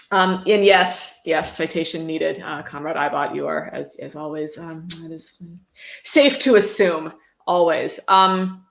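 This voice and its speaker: A woman's voice: on the low side, a bit bright. A woman on a livestream reading a book aloud and breaking in with sarcastic, mocking commentary. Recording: roomy echo.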